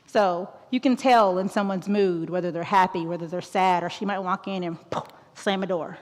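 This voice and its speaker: A woman's voice: fairly low pitch, fairly even intonation, normal speed, darkish tone. A woman in her thirties giving a school talk as a guest presenter, outgoing and joking, often checking in with "right?". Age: 30s. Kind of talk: school talk on mental health. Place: large auditorium. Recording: long echo of an auditorium.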